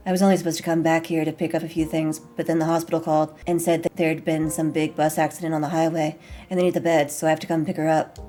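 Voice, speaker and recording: A woman voicing an overwhelmed, shaken young man in a game, speaking quietly and subdued. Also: low voice, level tone, fast, faint music behind, pitched below the performer's own voice, close to an everyday voice.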